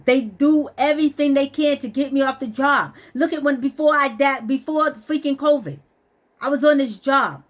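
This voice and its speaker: High-voiced woman venting in frustration. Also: moderate pace. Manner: frustrated, blunt, swearing. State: stressed and weepy. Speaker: vlogger. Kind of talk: emotional personal vent.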